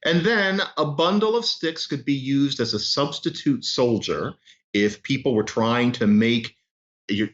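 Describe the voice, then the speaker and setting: A man who is an author and linguist, explaining things in an animated, storytelling way as a podcast guest. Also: mid-range voice, highs cut off. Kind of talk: explanatory interview talk.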